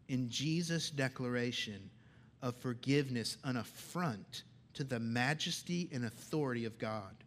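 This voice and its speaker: A man preaching a sermon in a conversational, animated way, swinging between loud emphasis and hushed lines. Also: mid-range voice.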